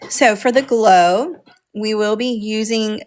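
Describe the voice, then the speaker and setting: A woman walks viewers through a coloring lesson in a relaxed, chatty way. Her voice sits at a middle pitch, and she talks to her audience between steps. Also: slow pace. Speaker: art teacher on a live stream. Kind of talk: casual live coloring class.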